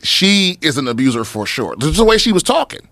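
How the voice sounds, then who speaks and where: A man's voice: fairly high pitch, very animated, a little fast, vocal fry, a bit bright, dry recording. A man chatting as a podcast guest, emphatic and swearing, acting out quoted lines. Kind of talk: casual chat.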